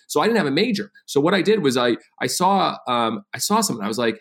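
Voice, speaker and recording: A man in his thirties, a podcast guest, telling stories in a casual animated way and acting out quoted dialogue. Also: medium pitch, quick pace, creaky, hardly any pauses. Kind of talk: casual interview storytelling.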